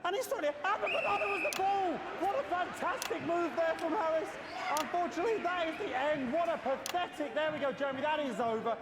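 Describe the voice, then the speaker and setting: A cheeky british sports commentator, high voice, talks fast, loud stadium noise behind. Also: male voice. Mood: excited. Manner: cheeky, rambling play-by-play with crude asides. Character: glib middle-aged male sports commentator, cheeky. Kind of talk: game acting, live sports commentary.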